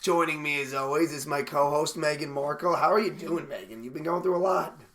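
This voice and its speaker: A man's voice: a little high, a little fast, fairly bright tone. A young man hosting a podcast, joking crudely and laughing a lot in casual chat. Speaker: podcast host.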